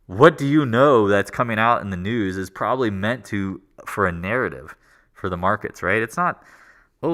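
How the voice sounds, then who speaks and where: A man's voice: fairly low pitch, a bit bright. A man hosting a live market stream from his living room, ranting sarcastically and mocking others in put-on voices. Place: living room home office.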